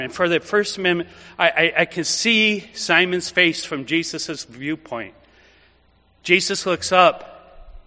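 A male priest giving a homily, telling a story vividly and then turning quiet and reflective. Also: a little high. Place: church. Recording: echoey church reverb.

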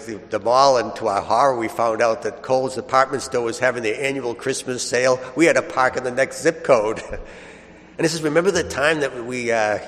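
A man's voice: medium pitch, a bit bright, long reverb tail. A man, a priest, giving a sermon in a conversational storytelling way, chuckling now and then.

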